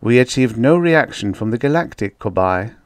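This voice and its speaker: Man doing a calm polite scholar, even measured talk, dry sound. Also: medium pitch, dry recording, close to an everyday voice. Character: polite, calm male Japanese linguist.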